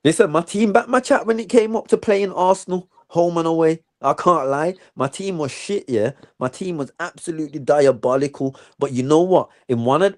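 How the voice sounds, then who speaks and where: A man's voice: medium pitch, darkish tone. A man, a podcast co-host speaking frankly and bluntly about his team and swearing casually. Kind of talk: casual football chat.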